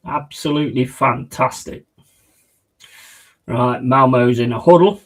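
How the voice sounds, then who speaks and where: A man chatting excitedly and casually as he hosts a live football watch-along stream. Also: mid-range voice, measured pace, low-quality recording.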